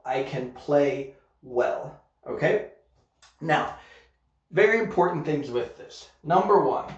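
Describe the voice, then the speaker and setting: A man teaches English grammar online in a slow, deliberate way, sounding out example sentences and checking in with "okay?" as he goes. His voice sits a little high for a man. The recording is dull and lo-fi, with an echoey room around him. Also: a little mellow.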